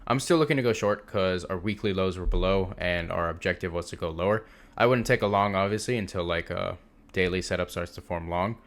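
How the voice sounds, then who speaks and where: A man's voice: low-pitched, brisk, fairly bright tone. A young man teaching a trading lesson over a screen share, casual and emphatic, repeating words for stress. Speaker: trading instructor.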